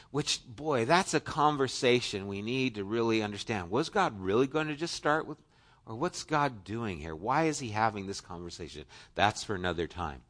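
A man preaching a sermon, retelling a story with conversational asides and dropping to a soft, low voice for emphasis.

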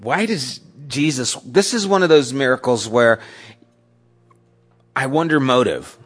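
A pastor preaching a sermon in a conversational way, asking his listeners questions and swinging between loud emphasis and soft, low asides. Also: expressive, measured pace, breathy edge. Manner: conversational, asks the audience questions.

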